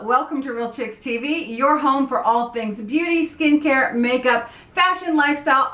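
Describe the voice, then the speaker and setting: A woman in her forties hosting a skincare tutorial vlog, explaining in an upbeat, clear way. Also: on the high side, a bit bright, roomy sound. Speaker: beauty vlog host.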